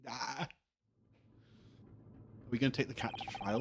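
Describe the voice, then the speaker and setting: A man's voice: medium pitch, fairly even intonation, unhurried, pauses often, background noise. A man streaming a game, thinking aloud and poking fun at himself in a casual, chatty way. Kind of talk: game playthrough with commentary. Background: game music.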